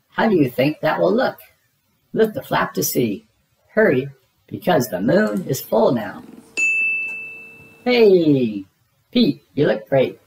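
Slow, lively children's storybook reader. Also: mid-range voice, vocal fry, slight background noise, poor audio. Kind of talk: children's read-aloud.

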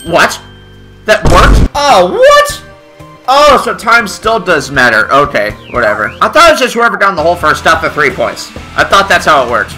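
A male gaming host talks through his play in an excited commentary, full of loud exclamations. His voice sits high and swoops widely in pitch. The tone is very bright and sharp. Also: normal speed, soft background music. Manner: exclaiming, loud reactive outbursts.

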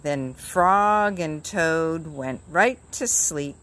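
A woman reading a children's book aloud in a slow, expressive storytelling manner. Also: low-pitched, slight background noise.

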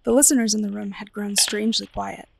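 A woman librarian reads a spooky tale aloud, shaping each line with drama. Her mid-pitched voice carries a gravelly edge. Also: fairly quick, noisy background. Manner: expressive, dramatic storytelling. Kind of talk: storybook reading aloud.

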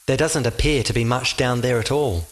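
A man's voice: medium pitch, moderate pace, soft background music, close to an everyday voice. Audiobook lead: a prim, mannerly male animal hero, reluctant but game, read plainly by the male narrator.

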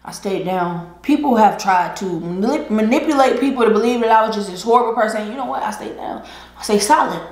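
A woman's voice: mid-range voice, animated, fairly quick, roomy sound. A woman vlogger talking earnestly to camera between bites, preachy and full of slang, breaking into laughter. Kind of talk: casual heartfelt monologue while eating. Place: indoors at home, eating a seafood boil.

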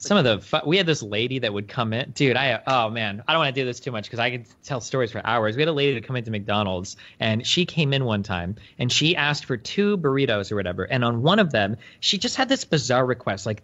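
A man talks at a rapid clip on a casual podcast, swearing freely as he tells his stories and jumping up in pitch when he gets worked up. The audio sounds a bit dull and lo-fi. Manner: fast, profane storytelling with animated outbursts. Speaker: podcast co-host.

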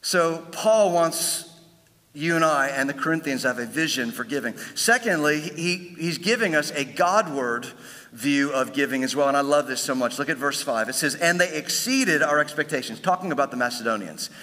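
Guy preaching, bright forceful voice, kinda high, punches the big lines then goes quiet for asides. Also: moderate pace, in a large hall. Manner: emphatic preaching, swells louder on key lines, drops low for asides. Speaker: pastor. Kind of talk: sermon.

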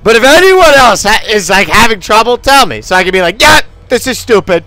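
A man's voice: high voice, big pitch swings, fairly quick, pushed and bright. A man commentating on his gameplay in a casual, frustrated and sarcastic way, swearing often. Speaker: let's play commentator.

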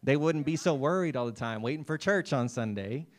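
A man's voice: mid-range voice, lively intonation, brisk. Conversational preaching pastor, man. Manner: conversational preaching, addresses listeners by name, frequent "right?" and "amen". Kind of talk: sermon. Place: church service.

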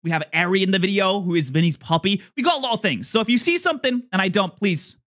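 A man streaming, reacting to a video with animated, joking commentary. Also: high voice. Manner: animated, joking, rapid asides. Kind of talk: casual live-stream commentary.

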